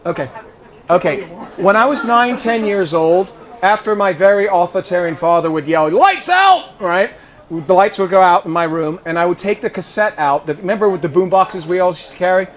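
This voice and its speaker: Speaking briskly in a high-pitched voice, a man in his fifties takes audience questions in a conversational style. The Q&A follows a speech in the living room of a private home, and he often repeats words at the start of sentences.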